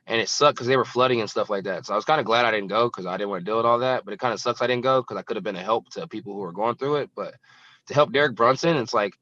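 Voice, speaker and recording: Fast-talking man, blunt and rambling. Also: mid-range voice, pushed and bright, dry recording, lo-fi sound. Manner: blunt, rambling, filler-heavy. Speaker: guest fighter. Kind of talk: casual interview talk.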